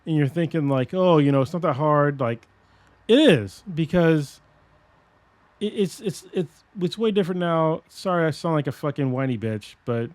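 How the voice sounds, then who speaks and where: A man's voice: a little high, normal speed, dry recording. Rambling, profane man in his forties. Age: 40s. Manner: rambling, profane and animated, with many restarts. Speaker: podcast host. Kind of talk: casual chat.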